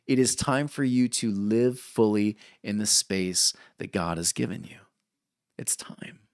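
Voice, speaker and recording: A male pastor delivers a sermon in a lively, conversational way. He keeps checking in with the listeners by asking "right?" after his points. His voice sits at a medium pitch and sounds close and dry. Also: dry recording. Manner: animated preaching, frequent "right?" asides.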